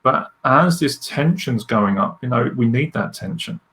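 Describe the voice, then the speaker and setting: Man, gravelly voice, candid, animated storyteller, leadership coach. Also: mid-range voice, measured pace. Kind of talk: podcast interview guest.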